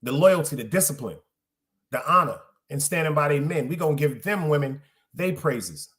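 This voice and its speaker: A man's voice: on the high side, lively intonation, normal speed, a bit bright. A middle-aged man, hosting a podcast in loose, streetwise solo chat, repeating phrases for emphasis. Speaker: podcast host. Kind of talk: casual solo livestream chat.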